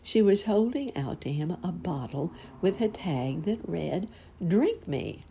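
Slow, gravelly woman storyteller. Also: on the low side, a little hiss or hum. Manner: slow, expressive. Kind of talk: reading a children's storybook aloud.

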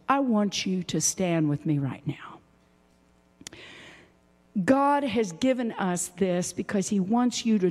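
A woman preaching a sermon, swinging from high exclaiming to hushed whispers. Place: church sanctuary. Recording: long reverb of a church hall.

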